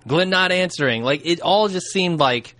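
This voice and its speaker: A man's voice: sits high, expressive, normal speed, a bit bright, no echo. A man co-hosting a casual chat, easygoing and walking through scene recaps. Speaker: podcast co-host.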